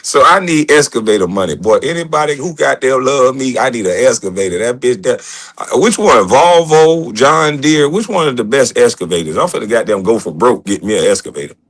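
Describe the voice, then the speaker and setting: A man with a medium-pitched, expressive voice talks fairly quickly while hosting a casual livestream. He keeps it loose, swearing a lot, joking around and laughing.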